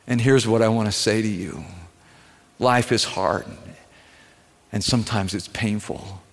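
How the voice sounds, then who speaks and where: A man preaching a sermon as a pastor, earnest, moving between quiet tenderness and raised intensity. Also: lowish voice, measured pace. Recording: long hall reverb.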